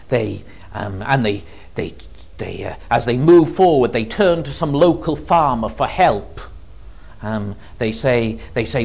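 A man preaching a sermon with a very lively, swooping delivery, rising to emphatic declarations and filling his pauses with "um". The recording sounds slightly dull and lo-fi. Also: a little high. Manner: builds to emphatic, rising declarations, with frequent ums and vivid illustrations. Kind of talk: expository sermon.

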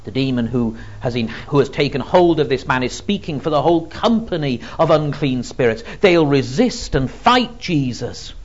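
A man preaching an expository Bible teaching, emphatic and expressive, with frequent ums. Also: medium pitch, normal speed, few pauses, muffled recording.

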